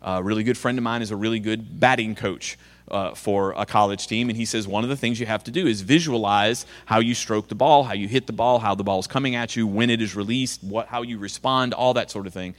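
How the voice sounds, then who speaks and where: Earnest middle-aged preacher in an echoing hall. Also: male voice, lowish voice, a little fast. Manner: earnest, direct preaching with sarcastic asides. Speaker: youth pastor and guest speaker. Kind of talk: sermon to students. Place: school auditorium or chapel.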